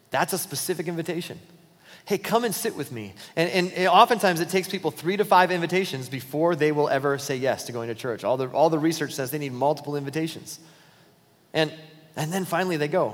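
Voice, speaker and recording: A pastor delivers a sermon in an easy, conversational way and acts out bits of everyday dialogue. His voice sits a little high for a man. The sound carries the long reverb of a big church hall. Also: lively intonation, fairly quick. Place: church auditorium.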